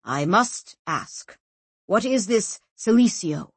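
A woman narrator voicing a huge, calm man, a war veteran, speaking in a measured way. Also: medium pitch, husky, no echo, exaggerated voice.

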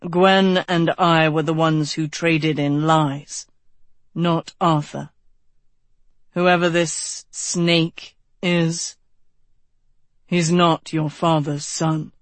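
An audiobook narrator voicing a calm, blunt, world-weary knight who talks dryly and frankly, a bit lower than the narration. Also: no room sound. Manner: dry, unhurried, frank.

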